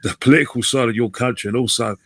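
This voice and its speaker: A man chats as a podcast guest at a middling pitch. He rambles and often restarts his sentences. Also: fairly even intonation, fast talker, a bit bright, husky. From England. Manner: rambling, chatty with frequent restarts. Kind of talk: casual podcast chat.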